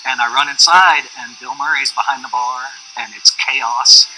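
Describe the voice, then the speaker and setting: A man giving a documentary interview, telling a story in a relaxed way. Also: medium pitch, moderate pace, soft background music, poor audio. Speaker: bar staff interviewee.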